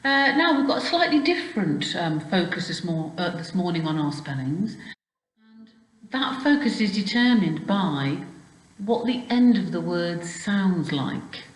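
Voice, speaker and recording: A woman's voice: on the low side, very animated, measured pace, echoey room, rough recording. A woman teaching a children's spelling lesson, explaining patiently step by step and checking with questions. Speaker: primary school teacher.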